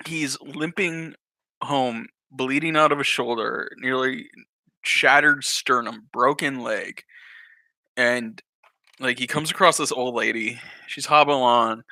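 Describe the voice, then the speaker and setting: A man's voice: medium pitch, fairly even intonation, measured pace, pushed and bright, dry recording. A man telling a funny story in a casual, rambling way, laughing and drifting into asides. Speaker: YouTuber.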